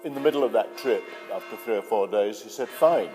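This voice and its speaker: An older British man, an actor, telling stories in an interview in a relaxed way, with fillers and restarts. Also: fairly low pitch, fast. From Britain. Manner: relaxed storytelling with hesitant fillers. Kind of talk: interview anecdote. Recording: hall reverb with faint music.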